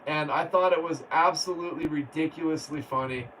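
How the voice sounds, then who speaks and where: A man hosts a laid-back livestream, reading viewer comments aloud and chatting with frequent laughs. His fairly bright voice is on the high side and a little fast. A distant mic picks up faint background noise.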